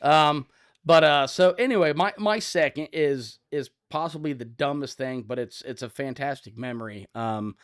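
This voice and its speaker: A man around forty from Ohio, co-hosting a podcast and telling loud, animated stories in casual chat. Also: mid-range voice, moderate pace, clear, resonant tone. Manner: loud, animated storyteller, acts out scenes. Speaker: podcast co-host.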